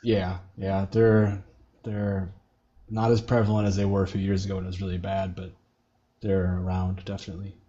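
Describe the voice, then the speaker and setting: A man's voice: deep voice, completely flat delivery, normal speed, warm tone. A man joining a casual group audio chat, talking in a matter-of-fact way. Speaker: panel participant. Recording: dull lo-fi audio.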